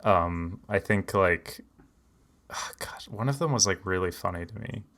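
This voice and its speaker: A man with a very deep voice chatting as a podcast co-host. His talk is loose and rambling, full of fillers, and it often trails off into quiet. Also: measured pace. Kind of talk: casual chat.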